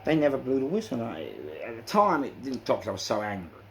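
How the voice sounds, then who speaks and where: A man with a London accent recounting prison episodes in animated storytelling, acting out the exchanges and often saying "you know". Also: medium pitch, fast talker, gravelly, a little hiss or hum. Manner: acts out quoted exchanges, frequent "you know" fillers. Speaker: interviewee recounting prison life.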